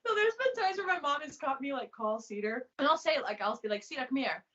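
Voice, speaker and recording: A woman's voice: high voice, very animated, quick pace, bright, forceful tone. A young American woman chatting casually, bubbly and laughing often, with plenty of filler words. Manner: bubbly, lots of likes and laughs. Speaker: podcast host. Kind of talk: casual chat over a video call. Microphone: video call. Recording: dull lo-fi video call audio.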